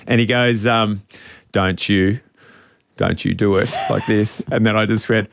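A middle-aged man with an Australian accent, telling a sentimental story in a rambling, halting way on radio, with many restarts. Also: lowish voice, fairly even intonation, creaky, slight background noise. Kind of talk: casual storytelling on air.

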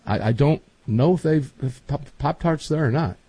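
A man's voice: a little high, moderate pace, mellow, husky, no echo. A middle-aged man hosting a podcast, chatting casually and rambling with emphatic asides. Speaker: podcast host. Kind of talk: casual chat.

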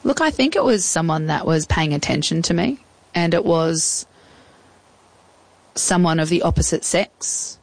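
On a dry, rough recording, a thirtysomething Australian woman speaks at a measured pace in a lowish voice. As an interview guest she's chatty, telling casual stories and re-enacting past phone conversations in different voices.

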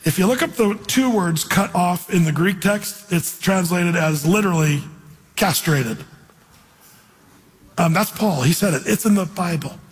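A man's voice: high-pitched, lively intonation, measured pace, breathy edge, long reverb tail, poor audio. A man preaching an informal, earnest sermon in a church, quoting scripture and putting on voices to make his points. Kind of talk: conversational sermon.

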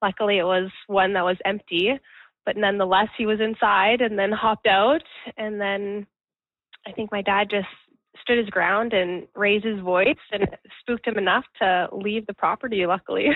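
A woman tells her story over the phone in an easy, chatty way, laughing between sentences. Her voice sits at a middling pitch. The line is thin and tinny with no room sound. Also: fairly even intonation, moderate pace, no room sound. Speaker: interviewee, family business worker. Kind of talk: phone interview, recounting an event.

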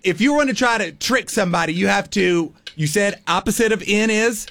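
A man co-hosting a radio word game, halting and searching for words as he gives clues. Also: sits high, a bit bright. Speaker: radio show co-host.

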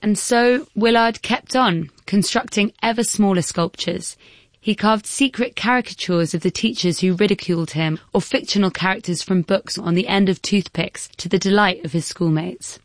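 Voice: mid-range voice, normal speed. A documentary narrator reading scripted linking narration.

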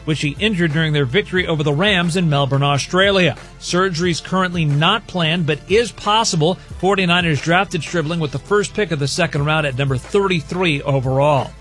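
A man reading a scripted sports news update in a brisk, clipped way. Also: a little high, a bit bright, faint music behind.

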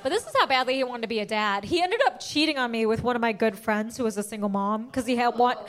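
High-voiced woman doing animated stand-up. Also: fast. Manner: animated, self-mocking, leans on voiced quotes. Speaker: stand-up comedian. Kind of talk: stand-up comedy storytelling.

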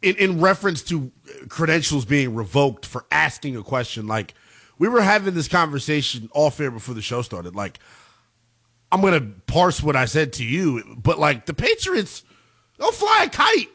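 A man's voice: fairly high pitch, big pitch swings, moderate pace, a bit bright, slightly rough. A man co-hosting a sports talk show, talking in an emphatic, incredulous way. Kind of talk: casual sports debate.

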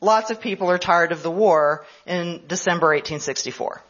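A woman's voice: on the low side, normal speed, fairly bright tone. A woman history professor giving a conference lecture, telling events as a story and explaining them as she goes. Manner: storytelling, explanatory, checks in with "right?". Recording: slightly dull lo-fi radio broadcast.

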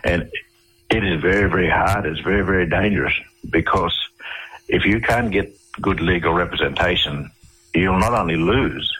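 Australian man, middle-aged, deep husky voice, halting storyteller, interview guest. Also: a bit bright, poor audio. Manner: halting, with many restarts and repeated words.

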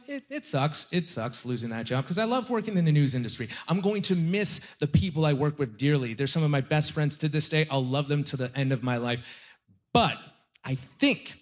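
Young man doing stand-up. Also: medium pitch. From Halifax, Nova Scotia, Canada. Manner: conversational, self-deprecating, lots of likes and you-knows. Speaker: stand-up comedian. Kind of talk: stand-up comedy set. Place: comedy club stage with a live audience.

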